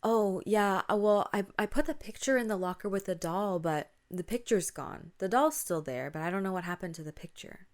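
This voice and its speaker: A woman's voice: medium pitch, normal speed, few pauses, close to an everyday voice. A woman voicing a shy schoolgirl with a crush, speaking timidly and hesitantly in a spooky story she retells on a podcast. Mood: flustered.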